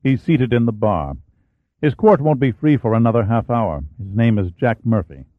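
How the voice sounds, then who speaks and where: A man's voice: mid-range voice, animated, normal speed, no echo, natural voice. A man voicing a polite, formal male club manager. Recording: dry, tinny phone-like sound.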